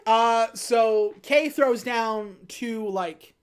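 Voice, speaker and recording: A woman hosting a podcast, casually retelling a film plot and quickly acting out the characters' lines. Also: a little high, clear, resonant tone. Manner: animated retelling with quick put-on quotes. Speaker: podcast host. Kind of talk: casual movie recap chat.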